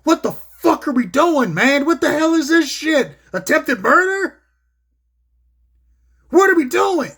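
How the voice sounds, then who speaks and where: A man impersonating an older male wrestling commentator who is furious, yelling exasperated and profane. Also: very high voice, very animated, takes it slowly, long pauses, voice pushed up, full character voice. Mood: outraged.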